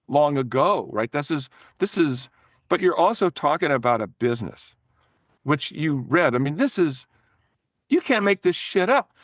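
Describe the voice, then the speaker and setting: An older man tells his stories in a fairly high voice, animated and salty, tripping over his own restarts as he goes. The sound is dry and close, with no room around it. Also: no echo. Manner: animated, profane, frequent restarts. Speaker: guest, former record promoter. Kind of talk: casual storytelling in a podcast interview.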